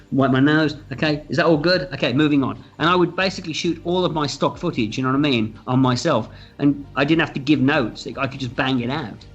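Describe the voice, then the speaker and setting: A man telling stories as a guest in a casual interview, lively and animated. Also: medium pitch. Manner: animated, acts out quoted voices. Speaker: film director interviewed as guest. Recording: dull lo-fi sound with faint music.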